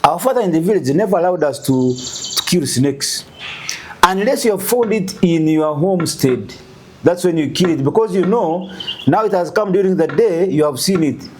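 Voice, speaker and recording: A Ugandan man telling a story in an interview, animated and full of rhetorical questions. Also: high-pitched, moderate pace, a little hiss or hum. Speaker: guest.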